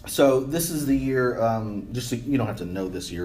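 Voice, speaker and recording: A man's voice: mid-range voice, lively intonation, moderate pace, darkish tone, a little hiss or hum. A man giving a casual history lecture, rambling with many fillers and often asking "right?". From United States. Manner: rambling, many ums and restarts, asks "right?". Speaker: history teacher.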